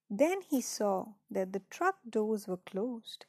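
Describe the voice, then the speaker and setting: Slow gravelly woman reading a story. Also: mid-range voice, big pitch swings, a little mellow, no echo. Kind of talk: children's story read aloud.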